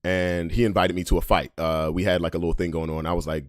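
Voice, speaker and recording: A man, the host of a podcast, telling a story with great energy, acting out voices and swinging from hushed asides to yelling. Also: low-pitched, level tone, fast, no echo, studio quality.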